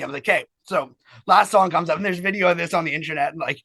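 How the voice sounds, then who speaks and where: A man fronting a band rambles through stories in a casual interview. He swears freely and leans on fillers as he talks. His voice sits a little high, and the sound is dry. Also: racing, pushed and bright, dry recording. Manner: rambling, profane, heavy on fillers.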